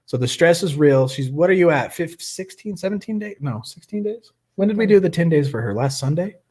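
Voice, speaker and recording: A man's voice: on the high side, expressive, brisk, darkish tone, husky. Chatty joking man hosting a live stream. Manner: joking, chatty, laughs often. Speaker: host of a live recovery meeting. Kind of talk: casual livestream chat. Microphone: webcam.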